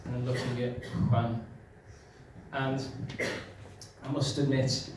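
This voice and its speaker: A man's voice: medium pitch, level tone, slow. Echoey pub stand-up man. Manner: storytelling, conversational, self-mocking. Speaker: stand-up comedian. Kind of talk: stand-up comedy set. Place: pub venue with audience. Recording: distant mic, loud room echo, faint noise.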